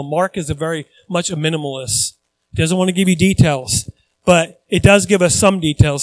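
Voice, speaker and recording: A man with a high voice preaches a sermon, talking conversationally and acting out little quotes. The sound is dry and close, with no room echo. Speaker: pastor.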